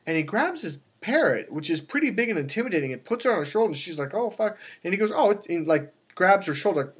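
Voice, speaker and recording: A man coaching on dating, telling a long personal story in a casual way and acting out the people in it with sudden high exclamations. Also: quick pace, breathy edge. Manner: animated, acts out quotes with sudden high exclamations.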